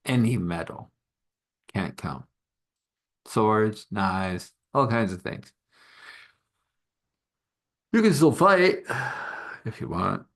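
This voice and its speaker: A man voicing a smug lawmaker who speaks in a calm, matter-of-fact way. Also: lowish voice, very slow, long pauses, full character voice.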